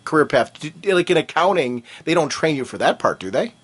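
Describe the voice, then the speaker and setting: A man hosting a fan podcast, asking curious questions in a lively, casual way. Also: on the high side, brisk. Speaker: podcast host. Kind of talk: casual chat.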